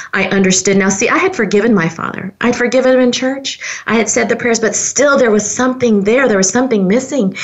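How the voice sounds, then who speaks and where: Speaking at medium pitch over lo-fi audio, a woman hosting a podcast shares a personal story with her listeners, earnest and heartfelt.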